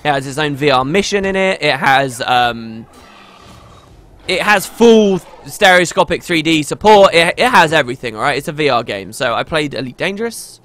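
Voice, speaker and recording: A man's voice: a little high, lively intonation, normal speed, fairly bright tone. A man streaming a game and chatting casually to viewers, rambling and often restarting his sentences. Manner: rambling, talkative, self-interrupting. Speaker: gaming streamer. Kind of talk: casual gaming stream chat.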